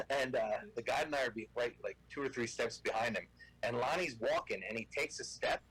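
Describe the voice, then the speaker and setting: A man's voice: mid-range voice, normal speed, breathy edge, rough recording. A man telling a funny hunting anecdote as a guest on a casual show. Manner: animated anecdote teller. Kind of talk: casual storytelling.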